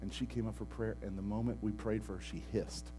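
A man preaching a sermon as pastor, moving between hushed, near-whispered lines and loud, shouted storytelling. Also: fairly low pitch, flat delivery, brisk, over music, low-quality recording.

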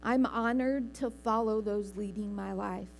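A woman's voice: mid-range voice, measured pace, creaky, a little hiss or hum. A woman preaching a Sunday sermon in a church, speaking earnestly and conversationally with small restarts. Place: church sanctuary.

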